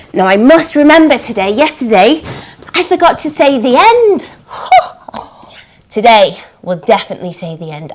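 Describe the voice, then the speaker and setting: A woman leading a live online yoga class for children over a video call, upbeat and encouraging, with sing-song animal noises. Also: fairly high pitch. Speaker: kids' yoga teacher.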